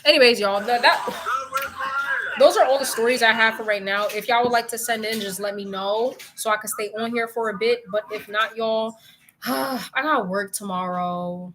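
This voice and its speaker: Young woman vlogger, bright and high-ish, casual exasperated profane rants. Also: normal speed, a little hiss or hum. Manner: animated, profane and exasperated ranting. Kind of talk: casual chat to viewers.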